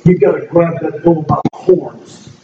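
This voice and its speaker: A man's voice: a little high, little pitch movement, a little slow. Earnest man in an echoing hall. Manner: earnest, emotional, rambling with restarts. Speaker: speaker giving a testimony. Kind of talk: casual spoken testimony to a congregation. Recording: echoey room, distant mic, dull and noisy.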